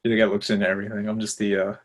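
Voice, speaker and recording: A man's voice: on the low side, completely flat delivery, rapid-fire. A man co-hosting a podcast, chatting casually about his betting picks in a loose, rambling way and hyping them up. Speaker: podcast co-host. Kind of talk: casual sports betting chat.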